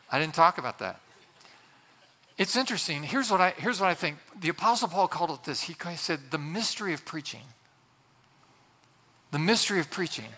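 A man's voice: a little high, expressive, a little fast, pauses often, bright, forceful tone, in a large hall. A man preaching a sermon as pastor, earnest and conversational, often restarting his sentences.

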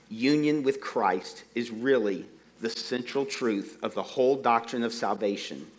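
Middle-aged pastor at the pulpit mic, mid-pitched man, deliberate emphasis with homey humor. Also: fairly bright tone. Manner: slow, deliberate emphasis on key phrases; folksy, self-deprecating asides. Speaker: preacher. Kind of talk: sermon. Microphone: microphone.

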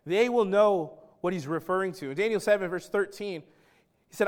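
A man preaching a sermon as pastor, emphatic and dramatic, swinging between loud stretches and hushed ones and talking straight to his congregation. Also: high-pitched, moderate pace. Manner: acts out quoted speech and addresses the congregation directly.

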